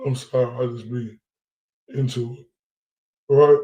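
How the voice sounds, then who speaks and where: A man speaking rants to his followers in a heated, profane vlog monologue. His voice sits a bit higher than most men's, and he keeps circling back with "right?" and repeated phrases. The room around him rings with echo. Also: steady tone, a little slow, pauses often, dark tone. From Dallas area. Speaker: vlogger.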